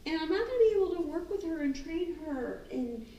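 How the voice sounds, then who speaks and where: A woman who trains dogs, talking casually and animatedly, often acting out the dogs' thoughts and her own excited calls. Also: very high voice, a little fast, lo-fi sound, a little hiss or hum. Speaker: dog trainer. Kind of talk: casual talk on dog training. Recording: roomy, distant mic, faint ambience.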